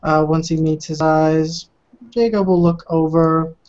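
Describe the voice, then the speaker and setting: A game master narrating a tabletop game in slow, hesitant phrases, on a dull lo-fi recording. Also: medium pitch, little pitch movement, a little mellow.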